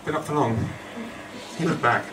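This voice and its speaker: Onstage at an event hall, a male storyteller meanders through an amusing true tale in a self-deprecating, humorous way. His voice is a little high and his speed normal, captured by a distant mic amid echo and noise.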